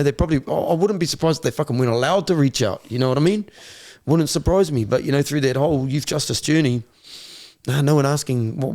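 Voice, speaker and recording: A man's voice: mid-range voice, a little mellow. Blunt, swearing New man. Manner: blunt, swears freely, repeats words when searching. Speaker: guest sharing his life story. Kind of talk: candid conversational interview.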